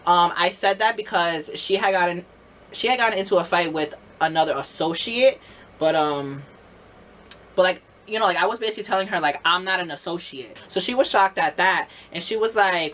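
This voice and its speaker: A young adult man telling a casual storytime about managing a store, animated, full of "like" fillers and swearing as he acts out both sides. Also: sits high, brisk, a little hiss or hum.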